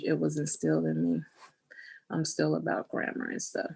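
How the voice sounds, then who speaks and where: A woman's voice: deep voice, fairly even intonation, normal speed, vocal fry, breathy edge. A woman teaching an online scrapbooking class, folksy and down-to-earth, talking while she works and fighting back tears. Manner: tearful, soft-spoken, talks while working. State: close to tears. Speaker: scrapbooking instructor.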